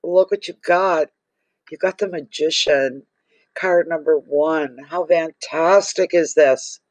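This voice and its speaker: A man's voice: fairly high pitch, fairly even intonation, slow, no room sound. A man giving a casual tarot reading to camera, gushing and exclaiming over the cards he draws. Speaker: tarot reader.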